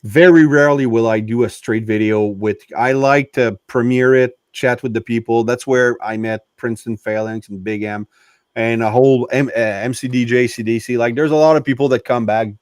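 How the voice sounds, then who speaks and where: A man's voice: mid-range voice, steady tone, normal speed, no room sound, studio quality. A man chatting casually as a guest reviewer, rambling and laughing now and then. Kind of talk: casual chat.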